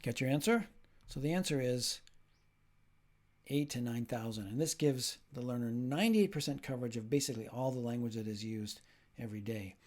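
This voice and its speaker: A man's voice: medium pitch, expressive, fairly quick, darkish tone. A man teaching a recorded lecture, explaining ideas step by step and putting questions to the listener. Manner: demonstrates sounds and rhythm drills.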